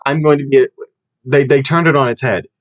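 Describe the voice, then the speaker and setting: A young man co-hosting a podcast in casual chat, rambling and animated with lots of fillers and restarts. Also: medium pitch, a little fast. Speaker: podcast co-host. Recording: dull lo-fi podcast audio.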